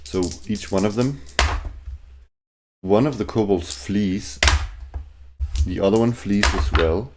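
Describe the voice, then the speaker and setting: A man narrating his own solo tabletop game, thinking aloud in a hesitant way, with many fillers and restarts and quiet chuckles to himself. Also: fairly low pitch, takes it slowly, pauses often, heavy background noise.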